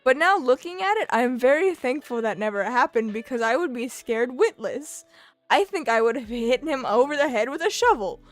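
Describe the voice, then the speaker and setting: A woman's voice: high voice, animated, normal speed, faint music behind. Chatty young woman rambling with fillers. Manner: rambling, giggly, frequent fillers and restarts. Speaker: vlogger. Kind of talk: casual chatty commentary. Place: her bedroom.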